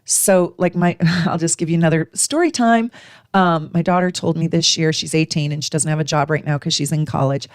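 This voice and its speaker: A woman in her forties hosting an astrology talk, speaking with emphatic energy and acting out quick exchanges. Her voice sits on the low side and is recorded close and dry, with no room sound. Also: no room sound. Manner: emphatic, animated, acts out little dialogues in a higher voice. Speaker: astrologer host. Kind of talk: casual astrology talk to camera.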